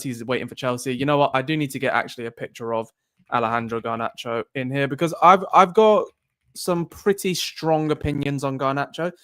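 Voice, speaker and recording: A man's voice: mid-range voice, a bit bright. An Irish man in the middle of his vocal range, talking easily through a live stream. He reads out viewer comments and answers each one in a loose, chatty way. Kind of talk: casual live-stream chat.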